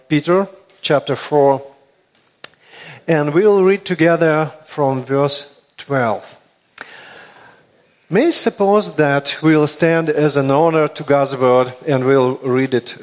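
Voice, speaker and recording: A man with a Russian accent, a guest pastor speaking English as a second language, reading scripture slowly and carefully and stumbling over some words. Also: on the high side.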